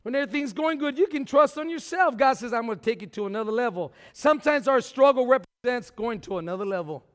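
A man preaching a sermon in a very high voice. He swings from shouted lines down to near-murmured ones and often stumbles into repeated words. His voice carries a long hall reverb from the church. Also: animated, fast, few pauses. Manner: swings from shouting to low, quiet talk; repeats words, stammers on restarts.

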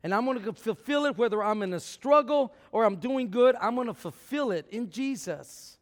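A man preaching a sermon in a very high voice. He swings from shouted lines down to near-murmured ones and often stumbles into repeated words. His voice carries a long hall reverb from the church. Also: lively intonation, moderate pace. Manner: swings from shouting to low, quiet talk; repeats words, stammers on restarts.

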